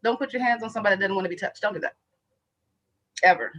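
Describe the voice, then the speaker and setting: Woman, talk show guest, casual chat, chatty, laughs a lot, deadpan quotes, mid pitch. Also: racing, low-quality recording. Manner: laughing, chatty storyteller, acts out quoted lines flatly.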